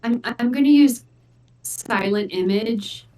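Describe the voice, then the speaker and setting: A woman's voice: a little high, takes it slowly, darkish tone, far from the mic. A woman playing in a tabletop game, describing her action casually with lots of "like". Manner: casual, trailing "like" as she describes. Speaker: player.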